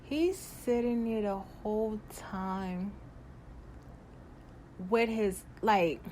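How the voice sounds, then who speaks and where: A young woman telling a personal story in a casual storytime, animated and growing loud and exasperated as she retells events. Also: mid-range voice, very slow, slight background noise.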